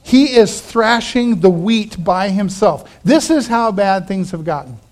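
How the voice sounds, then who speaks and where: A man preaching a sermon as a pastor, animated and acting out the quoted voices, dropping to quiet asides. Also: high voice, unhurried.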